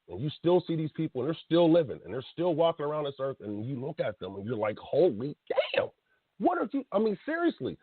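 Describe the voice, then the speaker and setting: A man in his late thirties rants bluntly with a husky voice and a lot of swing in his pitch. The sound is dry and tinny, like it came down a phone line. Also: no echo. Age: 30s. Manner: blunt, heated ranting with laughs and slang. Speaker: podcast host. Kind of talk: casual radio talk.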